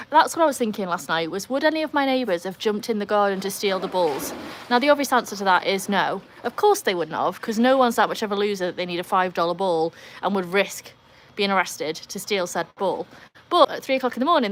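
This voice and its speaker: A woman's voice: mid-range voice, animated, fast talker, slight background noise. A woman from North Yorkshire with a Yorkshire accent, hosting a live stream and chatting casually with wry, self-mocking asides. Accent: North Yorkshire English. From North Yorkshire, England. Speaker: livestream host.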